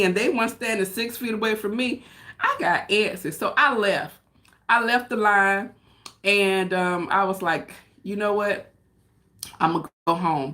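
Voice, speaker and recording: An American woman talks to her viewers on a home livestream, chatty and loose, calling everyone y'all. She tells stories in a relaxed, rambling way, straight into a phone or webcam. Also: medium pitch. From United States. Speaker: vlogger. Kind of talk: casual livestream chat. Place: home room with open window.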